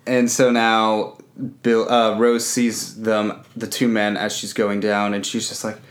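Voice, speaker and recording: A man's voice: lowish voice, monotone, unhurried. A man chatting casually about a film plot, making wry, jokey asides. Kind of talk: casual movie recap chat. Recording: roomy echo.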